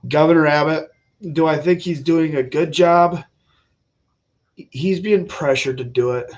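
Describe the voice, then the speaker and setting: Slow-talking blunt male livestream host. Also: medium pitch, highs cut off. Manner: blunt, opinionated, rambling with restarts. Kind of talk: casual political livestream talk.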